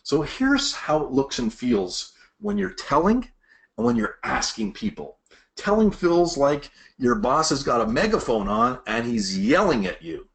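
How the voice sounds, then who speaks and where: Speaking unhurriedly at a medium pitch, this middle-aged man trains sales managers in a presentation-style master class. He animatedly performs what bosses and reps say, as a sales leadership trainer would.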